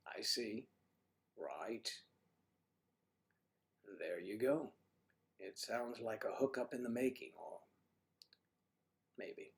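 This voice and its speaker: A man hosting a casual livestream, chatting with viewers in a hoarse, husky voice and clearing his throat often. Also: medium pitch, expressive, slow, long pauses. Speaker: livestream host.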